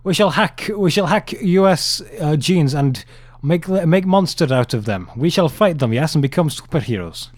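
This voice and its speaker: A man's voice: on the high side, lively intonation, moderate pace, no echo. A man putting on a scheming strongman. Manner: broken grammar, grandiose plotting. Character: scheming male strongman leader, broken English.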